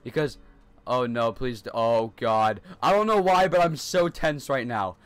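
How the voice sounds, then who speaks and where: A man's voice: medium pitch, measured pace, clear, resonant tone, no echo. A young man playing a horror game in his hot bedroom, talking nervously to himself and repeating lines as he runs. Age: teens. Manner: nervous, repetitive self-talk. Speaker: gaming YouTuber.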